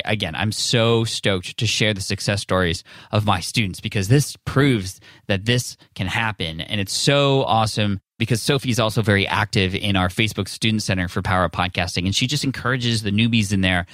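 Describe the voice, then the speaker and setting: A man's voice: lowish voice, fairly quick, few pauses, a bit bright, no echo, clean studio sound. A man hosting a podcast, reading an ad and introducing a guest in an upbeat, enthusiastic, conversational way. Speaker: podcast host. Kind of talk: casual podcast intro and ad read.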